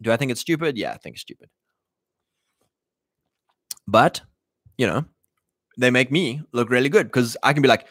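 A man's voice: medium pitch, lively intonation, normal speed, pauses often, a bit bright, no room sound, clean studio sound. Rambling man on a political livestream. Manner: rambling, many fillers and restarts, acts out quotes. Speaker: livestream host. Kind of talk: casual political commentary.

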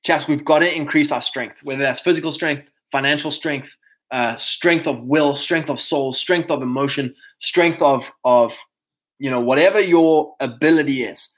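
A man hosting a casual livestream, talking to his viewers in an energetic, preachy way. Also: fairly high pitch, normal speed, poor audio. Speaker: host.

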